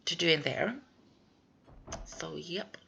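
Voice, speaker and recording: Brief: woman gamer, low gravelly voice, chatty walkthrough commentary. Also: slow pace, crowd noise. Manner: rambling, chatty, thinks aloud. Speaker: video game walkthrough player. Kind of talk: casual gameplay commentary.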